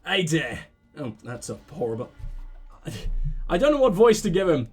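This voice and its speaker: Brief: joking gamer commentator, man, animated pitch. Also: normal speed, husky, faint music behind. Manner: wry, joking, with laughs and restarts. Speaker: let's play host. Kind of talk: casual gameplay commentary.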